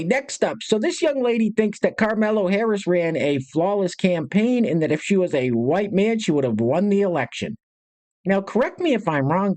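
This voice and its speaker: A man's voice: high-pitched, darkish tone. A man hosting a commentary video, introducing clips with sarcastic, sneering asides. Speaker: commentary channel host.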